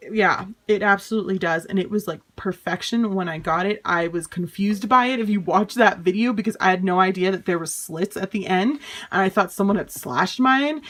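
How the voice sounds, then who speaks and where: A young woman with a drawl talks straight to her viewers from home, chatty and exasperated. She curses freely and laughs her frustration off. Her pitch sits in the middle range. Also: fairly bright tone. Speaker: vlogger. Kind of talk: casual unboxing chat.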